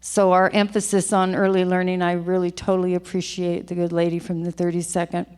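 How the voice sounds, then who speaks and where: A woman's voice: fairly low pitch, monotone, fairly quick, few pauses, darkish tone, smooth. An older woman, a state legislator, giving a heartfelt, emotional farewell speech on the chamber floor, often repeating her phrases. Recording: long hall reverb.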